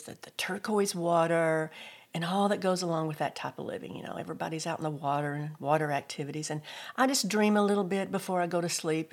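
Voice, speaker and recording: A middle-aged woman giving a devotional teaching talk, telling personal stories and lifting her voice for scripture quotes. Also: deep voice. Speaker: Christian speaker.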